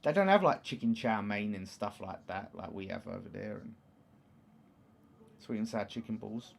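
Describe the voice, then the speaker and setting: A man in his thirties with an East London accent, hosting a football watchalong in casual chat, reading out comments and erupting into loud shouts at chances. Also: lowish voice, normal speed, creaky, slight background noise. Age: 30s. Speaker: livestream host.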